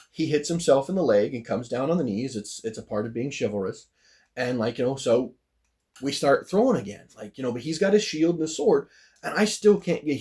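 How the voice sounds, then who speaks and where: A man's voice: mid-range voice, darkish tone. A man telling a personal story in a casual vlog, rambling with lots of "you know" and "like" and voice jumps up when he gets worked up. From United States. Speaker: vlogger.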